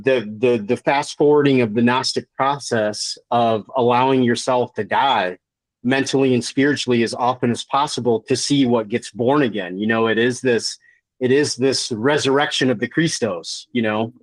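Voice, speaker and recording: A man's voice: medium pitch, moderate pace, no echo, rough recording. A man in a casual group discussion, enthusiastic and slangy, often stumbling over repeated words. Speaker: meeting participant.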